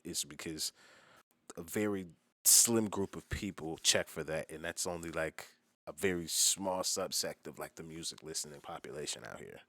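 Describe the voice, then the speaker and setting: American male reaction host, low voice, chatty and profane. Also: pushed and bright, dry recording. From United States. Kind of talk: casual reaction commentary.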